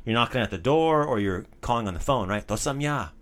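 A man in a relaxed lesson, joking around as he teaches. He says each phrase slowly and clearly, then explains it in easy, casual talk. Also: medium pitch. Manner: playful, repeats phrases slowly for the learner. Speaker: language teacher.

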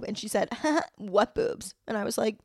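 A woman's voice: fairly high pitch, fairly quick, vocal fry, a little mellow, dry recording. Brief: young woman podcast host, casual solo rant, blunt and profane, dry close mic. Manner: blunt, profane, lots of "like" fillers.

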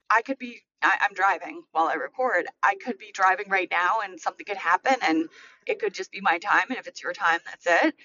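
A woman's voice: mid-range voice, fairly bright tone, highs cut off. An American woman hosting a podcast while driving, talking earnestly and reflectively with many fillers, near tears. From United States. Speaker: podcast host. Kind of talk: casual solo podcast monologue.

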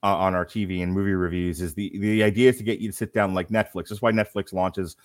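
A man's voice: low-pitched, fairly even intonation, quick pace, no echo, studio quality. Jokey, rambling man on a podcast. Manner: jokey, rambling, laughs at his own lines. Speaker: podcast co-host. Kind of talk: casual wrestling review chat.

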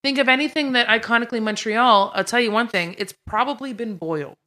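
A woman from Quebec with a Quebec French accent, a guest on a comedy podcast, joking in a deadpan, mock-serious way. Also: fairly high pitch, quick pace. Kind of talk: comedic improv chat.

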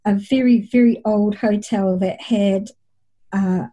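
Husky-voiced woman recounting personal experiences. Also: mid-range voice, fairly even intonation, slow pace, mellow, low-quality recording. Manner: reflective, recounts experiences at length. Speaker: psychic medium. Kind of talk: conversational interview storytelling.

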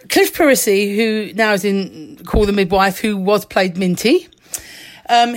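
A middle-aged woman telling a lively anecdote as a guest, laughing often and acting out the voices she quotes. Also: medium pitch. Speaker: actress, guest. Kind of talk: anecdotal chat, storytelling.

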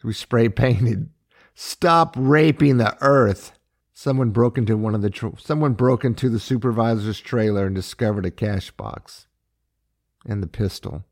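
A man's voice: medium pitch, unhurried. A man voicing a defiant young ex-soldier, speaking with stubborn conviction. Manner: defiant, confiding.

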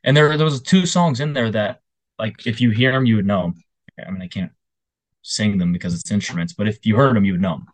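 Low-voiced young man telling stories. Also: a little fast, no room sound. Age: young adult. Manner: animated storyteller, puts on voices. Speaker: podcast co-host. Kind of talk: casual chat.

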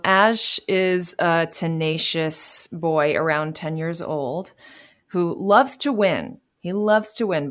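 Woman in her thirties, from New York City, low voice, chatty, laughs easily, casual interview guest. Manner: warm, chatty, laughs easily, many fillers. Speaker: voice actor guest.

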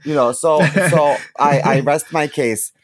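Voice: medium pitch, a little slow. A podcast co-host talking casually in a blunt, crude, mocking way.

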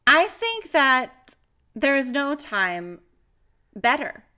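Bright-voiced playful young woman. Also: sits high, big pitch swings, very slow. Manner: playful, giggly, drifting off topic. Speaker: podcast co-host. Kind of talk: casual chat.

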